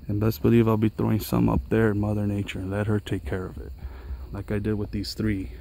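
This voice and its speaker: An enthusiastic man chats his way through an outdoor garden tour, his voice low and mellow. He talks straight to viewers as he points things out, with faint outdoor noise around him. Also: completely flat delivery, a little fast, creaky. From Los Angeles area. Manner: enthusiastic, chatty, addresses viewers as guys. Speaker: gardening vlogger. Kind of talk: casual garden walkthrough vlog. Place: outdoors on a mountain trail garden.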